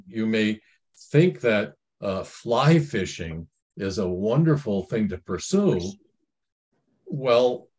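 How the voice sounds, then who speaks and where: A man's voice: lowish voice, mellow, muffled recording. A middle-aged man giving informal Christian family counsel. He comments on a reading in a rambling, folksy way, with many restarts and asides.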